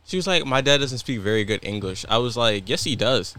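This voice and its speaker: Man, young adult, podcast co-host, casual chat, animated storyteller, tense bright tone. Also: mid-range voice, a little fast, slight background noise. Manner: animated storyteller who acts out other people's lines.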